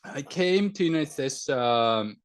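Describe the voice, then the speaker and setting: A man's voice: medium pitch, expressive, slow pace. A young man from the country of Georgia, a podcast guest chatting casually and joking. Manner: laid-back, joking, slangy. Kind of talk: casual chat.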